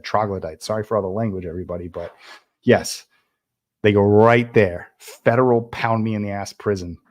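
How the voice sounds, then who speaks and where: Lowish-voiced guy in his 30s ranting and chatting on a stream, swears a lot, lots of ums. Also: darkish tone, slightly rough. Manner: blunt, swears freely, rambling with many fillers. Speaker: filmmaker hosting a livestream Q&A. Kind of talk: casual livestream chat reading fan comments.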